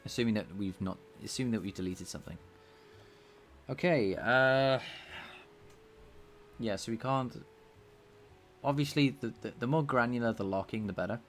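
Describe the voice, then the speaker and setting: A man with a slightly nasal voice, thinking out loud as he codes live and talks to his chat. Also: on the low side, fast, slight background noise. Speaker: game developer streaming his coding. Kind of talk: casual live-coding chat.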